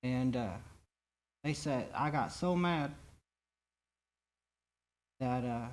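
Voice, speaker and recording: A man giving his personal recovery testimony at a church meeting, speaking in an earnest, halting way with frequent restarts. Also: mid-range voice.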